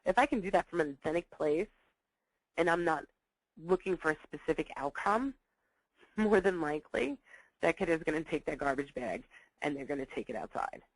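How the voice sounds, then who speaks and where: A woman teaches parents about children's behavior in a recorded talk, and the sound is close and dry. She stresses key points by repeating them and slips into lively voices to act out scenes between parent and child. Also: low voice, normal speed, no echo, poor audio. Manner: acts out dialogues in lively voices.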